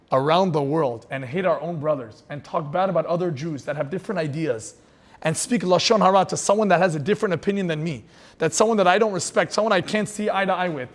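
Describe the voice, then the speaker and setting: A man's voice: sits high, brisk. A man giving an inspirational sermon as a rabbi, telling stories with passion and sprinkling in Hebrew terms.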